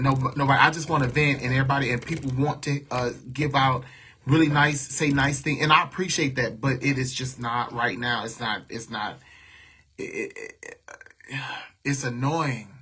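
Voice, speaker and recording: A man's voice: medium pitch, moderate pace, pushed and bright, husky. A man venting to viewers on a livestream, blunt and talking back to their comments. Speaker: livestream host.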